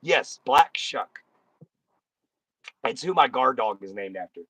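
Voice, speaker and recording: A man's voice: medium pitch, expressive, slow, pushed and bright, husky, no echo. A man hosting a casual live stream, talking bluntly and folksily straight to his chat.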